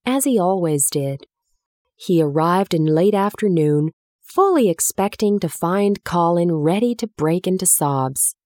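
A woman narrating a children's storybook in a measured, gentle way. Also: lowish voice, no room sound, studio quality. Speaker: audiobook narrator.

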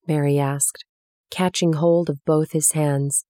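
A woman narrating a children's storybook aloud in a gentle, measured reading. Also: deep voice, steady tone, no echo, studio quality.

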